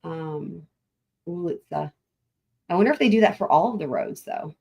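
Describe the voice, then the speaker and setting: A woman's voice: fairly low pitch, expressive, moderate pace, creaky, a little mellow. A woman hosting a casual livestream, chatting with her viewers in a rambling, laughing way, with a lilt. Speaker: livestream host.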